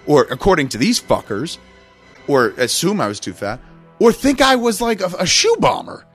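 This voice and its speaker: A man telling a story in a casual podcast chat, animated and full of swearing. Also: fairly high pitch, normal speed, husky, faint music behind. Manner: animated, profane, emphatic storytelling.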